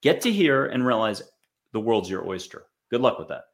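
A man's voice: medium pitch, very animated, moderate pace, a little hiss or hum. A man from the United States giving a casual spiritual talk to an audience, chatty and acting out little quoted voices. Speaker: spiritual speaker.

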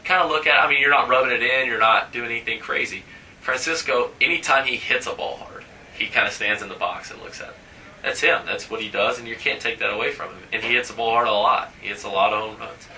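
A man's voice: medium pitch, quick pace, bright, forceful tone, far from the mic, a little hiss or hum, poor audio. A man, a professional baseball player, telling stories in a casual interview and animatedly acting out the dialogue in his anecdotes.

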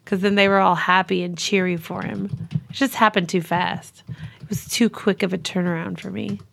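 A woman co-hosting a casual movie review podcast, ranting in an animated, jokey way. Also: medium pitch, normal speed, vocal fry, slight background noise. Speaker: podcast co-host.

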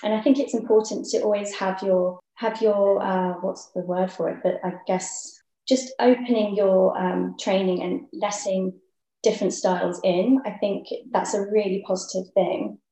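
A young woman, a ballet dancer, talking thoughtfully in a casual interview with many pauses and ums. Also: medium pitch, steady tone, warm tone. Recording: echoey room.

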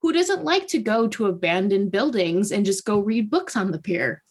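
A woman's voice: mid-range voice, big pitch swings, moderate pace, slightly rough. A woman casually recapping a book's plot with a sarcastic, chatty delivery full of fillers. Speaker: podcast host. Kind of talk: casual chat recapping a book.

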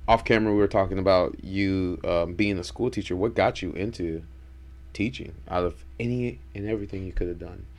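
A woman's voice: a bass voice, a little fast, a little mellow. A woman co-hosting a podcast, joking around and asking the guest questions. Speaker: podcast co-host. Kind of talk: casual podcast chat.

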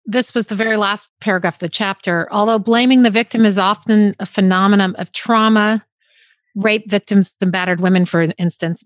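A woman's voice: medium pitch, dry recording, studio quality. A woman co-hosting a podcast, chatting casually, reading a passage aloud and leading into the next guest. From Florida. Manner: reads aloud and leads into segments. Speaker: podcast co-host. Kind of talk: casual chat.

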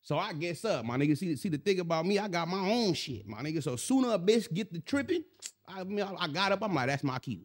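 A man's voice: high-pitched, fast talker. A man telling a story in casual chat, slangy, repeating his catchphrases. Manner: animated, slangy, repeats "my nigga" and "you feel me". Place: Los Angeles.

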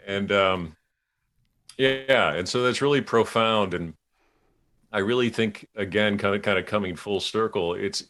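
Male podcast host, low-pitched, earnest, rambling with restarts, laughs easily. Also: a bit bright. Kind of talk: casual faith conversation.

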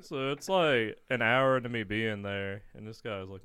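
A man's voice: fairly low pitch, normal speed, bright, forceful tone, clear, resonant tone, no room sound. A man telling a profane work story in casual talk, laughing often as he goes. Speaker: podcast guest; prison correctional officer.

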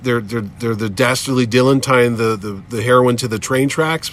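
A man, a podcast host, chatting casually and telling animated stories, acting out other people in shifting voices. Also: medium pitch, moderate pace. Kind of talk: casual chat, animated storytelling.

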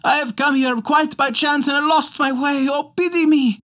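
A wailing tiny old mannikin. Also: male voice, very high-pitched, steady tone, normal speed, fairly bright tone, pitched above the performer's own voice. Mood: wailing pleas. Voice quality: wailing, pleading. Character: tiny old bearded mannikin, whining, pitiful.

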